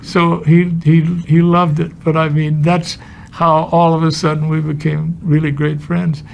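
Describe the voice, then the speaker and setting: An older man from Chicago, a film director, telling humorous, salty anecdotes in an interview with a gravelly voice. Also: on the high side, flat delivery, a little slow, a little hiss or hum. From Chicago, USA. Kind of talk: anecdotal storytelling.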